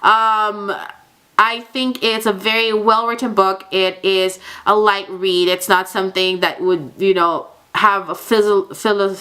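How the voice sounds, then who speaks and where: Bright gushing young woman reviewer. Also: medium pitch, level tone, unhurried, clear, resonant tone. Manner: gushing, chatty, many fillers like "oh my god". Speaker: book reviewer. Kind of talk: casual book review vlog.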